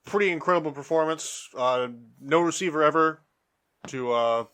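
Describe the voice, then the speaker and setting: A man's voice: on the high side, moderate pace, a bit bright, clear, resonant tone. A man co-hosting a casual sports podcast, making easygoing, brief remarks among friends. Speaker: podcast co-host. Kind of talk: casual sports chat over beers.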